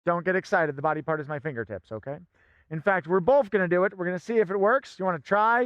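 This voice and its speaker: A man performing a comic fire act, talking theatrically and bossily and now and then bursting into shouts. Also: high voice, lively intonation, quick pace, dry recording. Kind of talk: comic stage patter.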